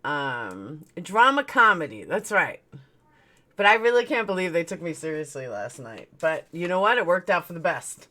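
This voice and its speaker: A woman's voice: on the low side, very animated, moderate pace, pushed and bright. A woman hosting her own livestream, chatting casually and joking as she greets viewers by name. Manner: greets chat viewers one by one; chatty, joking, laughs at herself. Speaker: livestream host.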